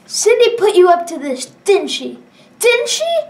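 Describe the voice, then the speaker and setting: A whiny, indignant little schoolgirl, as a woman puts her on, high and loud. The voice sits a bit away from the mic. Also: big pitch swings, measured pace, far from the mic, full character voice. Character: upset young schoolgirl accusing a classmate.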